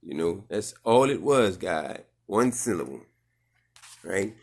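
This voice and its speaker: A man's voice: low voice, big pitch swings, takes it slowly, breathy edge. Blunt, sarcastic man with a New Orleans accent. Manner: sarcastic, blunt, repetitive, slangy. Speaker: commentator reacting to a clip. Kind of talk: casual reaction commentary.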